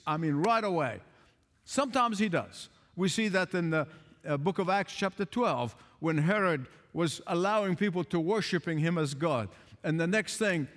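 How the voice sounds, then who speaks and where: Emphatic preacher man in a ringing hall. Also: high-pitched. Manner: emphatic preacher, rising loud on key points, chuckling often. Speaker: pastor. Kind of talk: sermon.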